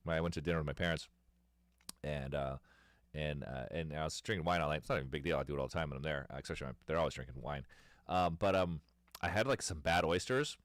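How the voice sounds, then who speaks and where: A man's voice: very deep voice, fast, no room sound, studio quality. A man in his thirties chatting casually on a livestream, telling rambling stories and laughing often. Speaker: streamer.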